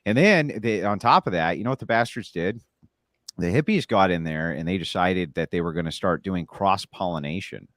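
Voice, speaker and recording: A man's voice: low-pitched, animated, normal speed, fairly bright tone. A man from California ranting emphatically in a casual livestream chat.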